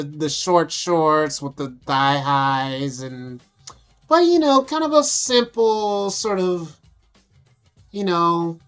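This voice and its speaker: A young adult woman vlogging casually, brash and profane, amused at herself as she talks through photos. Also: fairly low pitch. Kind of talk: casual vlog talk over photos.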